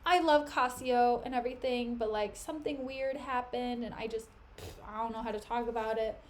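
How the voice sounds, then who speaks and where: A woman's voice: on the high side, moderate pace, slight background noise, natural voice. A woman voicing a scheming male villain who talks like a friendly buddy, slangy and falsely caring, in a casual retelling of a play on stream.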